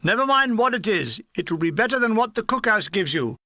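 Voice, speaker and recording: A man plays a scheming army bombardier who delivers sly, measured patter with smug confidence. His voice is bright and fairly high, and the sound is dry and close. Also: big pitch swings, no room sound, exaggerated voice.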